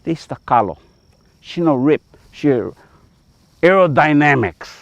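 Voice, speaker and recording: A man speaking with a Hawaiian Pidgin accent, teaching out on a farm in a folksy, emphatic way. His fairly high voice rises and falls with great animation. The sound is dull and dry. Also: lively intonation, unhurried, no echo. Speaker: farmer. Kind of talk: outdoor teaching talk. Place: outdoors on a taro farm.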